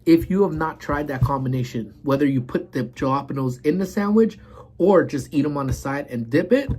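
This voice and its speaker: A man's voice: fairly high pitch, a little fast, a little mellow, slightly rough. A man in his forties hosting a casual live stream, rambling and greeting viewers while eating.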